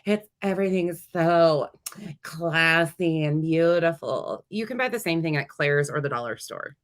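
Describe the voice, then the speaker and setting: Low-voiced woman giving blunt reaction commentary. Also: normal speed. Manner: blunt, casual, frequent fillers. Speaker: commentary host.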